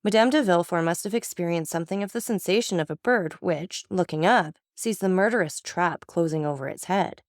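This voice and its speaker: A woman narrating a classic novel in a measured, dramatic audiobook reading. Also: lowish voice, no echo, studio quality.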